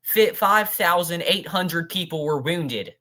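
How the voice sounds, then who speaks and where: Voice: medium pitch, takes it slowly, pushed and bright. Heated commentator ranting back at a speech. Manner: ranting, addresses the speaker directly, scornful. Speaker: political commentator.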